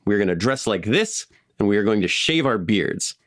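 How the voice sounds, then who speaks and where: A man's voice: fairly low pitch, very animated, moderate pace, fairly bright tone. A man voicing a bold young male tsar giving orders, as a quote within podcast storytelling. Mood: commanding.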